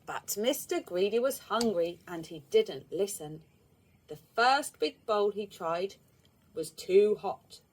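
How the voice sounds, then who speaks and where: Woman, storybook reader, slow, expressive, lively pitch, higher voice. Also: a little hiss or hum. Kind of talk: children's storybook reading.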